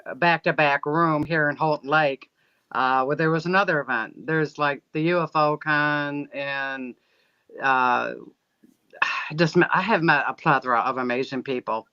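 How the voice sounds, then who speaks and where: A man from Michigan, a guest who runs paranormal events, speaking haltingly with many fillers and restarts. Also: a little high, pushed and bright, clean tone, muffled recording. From Michigan, USA. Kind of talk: casual interview chat.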